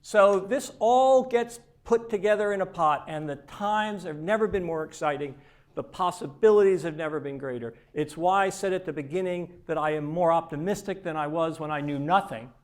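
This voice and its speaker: A man addresses a conference audience in a live keynote speech. His voice sits somewhat high for a man, and his delivery is emphatic yet conversational, with frequent repeated words as he builds his points. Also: normal speed. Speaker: keynote speaker for a research charity. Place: conference stage before an audience.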